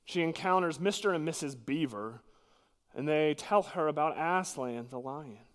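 A man preaching a sermon as pastor, earnest and emphatic, dropping suddenly to quiet at times. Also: fairly high pitch, big-room sound.

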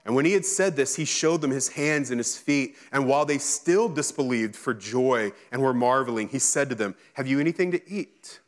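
A man preaching a sermon, reading scripture and acting out its dialogue, swinging between excited and hushed delivery. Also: mid-range voice, moderate pace, few pauses. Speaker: pastor.

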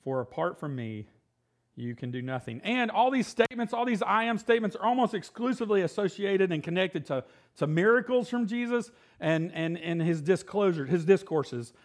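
A man preaching a sermon, reading scripture aloud and then talking it through casually, with quick laughs and sudden excited outbursts. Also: high-pitched. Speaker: pastor.

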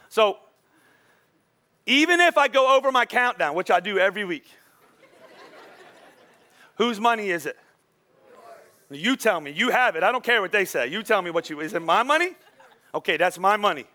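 A man in his forties preaching a sermon to his congregation, throwing questions at them and acting out children's outbursts. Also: high-pitched. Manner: animated, acts out kids' outbursts; talks to the congregation, asks questions. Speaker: pastor.

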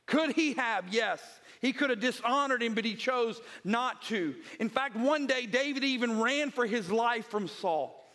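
High-voiced man preaching a sermon. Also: animated, measured pace, hardly any pauses, bright, forceful tone. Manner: retells scripture as vivid storytelling; drives points home with repeated phrases. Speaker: pastor. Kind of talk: Sunday sermon.

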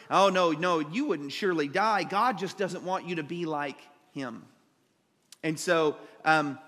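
A man preaching a sermon, telling the story with animated emphasis and acting out the characters' lines. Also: high-pitched. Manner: animated storytelling, acts out voices with rising emphasis. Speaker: pastor. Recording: long hall reverb.

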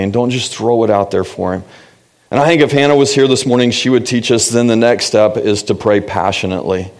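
A man's voice: medium pitch, darkish tone. A middle-aged man, a pastor, preaching a sermon in an earnest, conversational way and asking the congregation questions.

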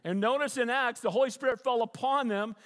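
A man's voice: very high-pitched, brisk, a bit bright, long reverb tail. A middle-aged man, a pastor, preaching a sermon and often asking the congregation for an amen.

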